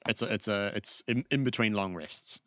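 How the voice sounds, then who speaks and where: A man narrating as game master in a tabletop game, relaxed and repeating words as he goes. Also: fairly low pitch, moderate pace, no echo, highs cut off.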